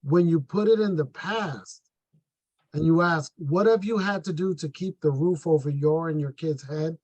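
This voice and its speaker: A high-pitched man speaks in a measured, earnest way as he shares a sales tip with his team. The sound is dry and close, with no room echo. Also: darkish tone, dull audio. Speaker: insurance agent. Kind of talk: sharing sales tips in a team call.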